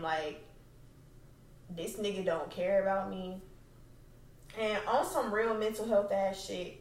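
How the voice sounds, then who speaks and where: A woman's voice: medium pitch, far from the mic. A young adult woman hosting a podcast, telling a personal story in a blunt, profane and emphatic way at home. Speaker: podcast host. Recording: roomy, away from the mic.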